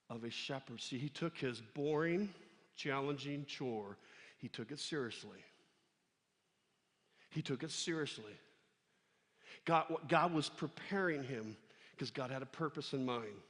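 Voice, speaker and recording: A man preaching a lively sermon to students, telling a story and acting out its voices. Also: medium pitch, big-room sound. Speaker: pastor. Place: church hall.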